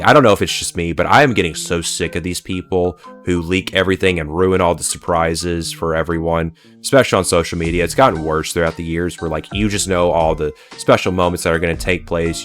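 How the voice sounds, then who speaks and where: Man, deep low voice, rambling profane rant, lots of fillers, faint music behind. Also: fairly bright tone. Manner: rambling, profane, heavy use of "like" and "uh". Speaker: pop culture commentator. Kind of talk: ranting solo video commentary.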